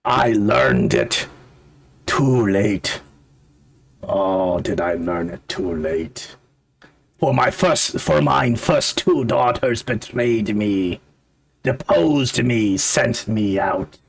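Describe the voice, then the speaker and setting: A man's voice: on the low side, animated, very slow, gravelly, slight background noise, exaggerated voice. A man voicing a mad old male dwarf who believes he is a king, speaking in archaic, theatrical lament.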